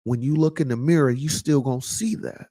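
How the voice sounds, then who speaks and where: A man's voice: medium pitch, fairly quick, dark tone. A man giving a casual, preachy commentary monologue, repeating lines for emphasis and dropping in lots of fillers. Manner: loose casual speech with many fillers. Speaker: vlog host.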